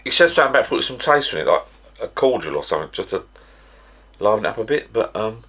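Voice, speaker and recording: A very animated, fast-talking middle-aged Brit rambles through a home vlog in his garden bar shed. His fairly low voice is husky with a fairly bright tone, and he chats casually, restarting frequently.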